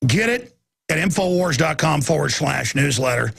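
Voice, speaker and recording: A man in his forties hosting a radio talk show, telling a rambling story and breaking into high mocking squeals when he imitates people. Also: lively intonation, moderate pace, gravelly, a bit bright, husky.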